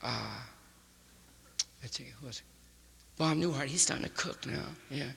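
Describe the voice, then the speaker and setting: A man riffing loosely in hip slang, often ending lines with "man" and slipping into quick impressions of others. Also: medium pitch, vocal fry, a bit bright, big-room sound, a little hiss or hum. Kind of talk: loose hipster riffing monologue.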